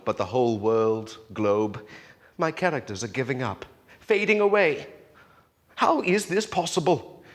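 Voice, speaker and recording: An actor on stage playing a flustered, grandiose playwright on trial who declaims in a grand, fretful way. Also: male voice, a little high. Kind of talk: live stage acting. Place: theater stage. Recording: long theater reverb.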